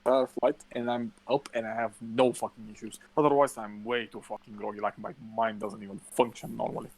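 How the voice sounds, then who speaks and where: A young man co-hosts a casual podcast chat at a middle pitch. He tells stories with emphatic drive and swears constantly. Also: flat delivery, fairly quick. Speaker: podcast co-host.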